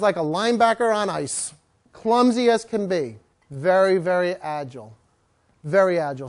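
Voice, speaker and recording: A dog trainer giving an informal training talk, lively and often acting out what the dogs seem to be thinking. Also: medium pitch. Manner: animated, acts out what dogs are thinking.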